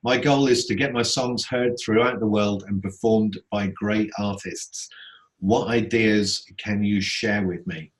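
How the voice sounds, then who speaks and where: A man's voice: lowish voice, steady tone, a little slow, rough recording. A man hosting a songwriting Q&A on a video call, explaining in an earnest, casual way with everyday examples. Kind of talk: casual coaching talk.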